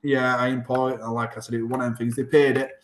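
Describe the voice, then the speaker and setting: Yorkshire man telling a lively story. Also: mid-range voice, fast talker. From England. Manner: animated, acts out quoted dialogue. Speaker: rugby player guest. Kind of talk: casual storytelling interview. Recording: roomy echo.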